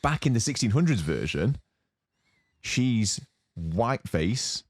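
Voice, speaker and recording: A young adult man co-hosting a podcast, casually telling a long story with lots of fillers and animated asides. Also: medium pitch, slow, no room sound, clean studio sound. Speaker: podcast co-host. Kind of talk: casual chat.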